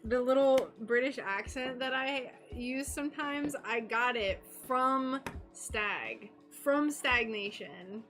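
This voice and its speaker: A young woman from North Carolina chats with her stream while she works, rambling and giggling in a high, unhurried voice. She drifts between thoughts and sounds a little self-conscious. Soft music plays faintly underneath. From North Carolina, USA. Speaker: stained glass livestreamer. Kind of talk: casual chat while working.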